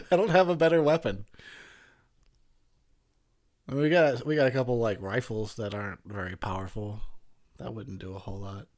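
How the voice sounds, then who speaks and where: A man's voice: medium pitch, normal speed, long pauses. A man who is drunk, giving a rambling, profane film commentary between frequent laughs. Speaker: commentary host.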